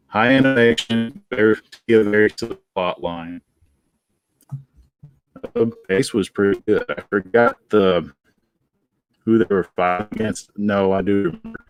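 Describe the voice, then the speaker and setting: A man's voice: lowish voice, poor audio. A man co-hosting a casual talk show, speaking in a laid-back, rambling, hesitant way. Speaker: co-host. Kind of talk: casual chat.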